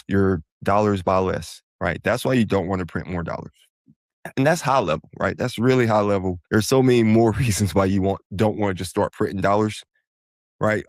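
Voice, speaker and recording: Low-voiced man explaining finance casually. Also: no room sound, clean studio sound. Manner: rambling, digressive, self-correcting. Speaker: podcast host.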